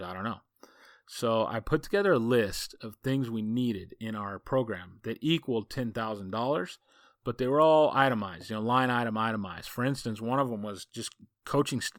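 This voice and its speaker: A man's voice: lowish voice, no echo, studio quality. A man, a football coach hosting a podcast, telling a story in a casual, folksy, rambling way full of asides.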